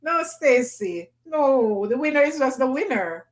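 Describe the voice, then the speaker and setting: A woman's voice: on the high side, animated, a little slow, hardly any pauses, low-quality recording. A woman hosting a casual livestream, chatting and reading out viewer comments with patois phrasing. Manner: chatty, laughs often, Jamaican patois phrasing. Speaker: livestream host.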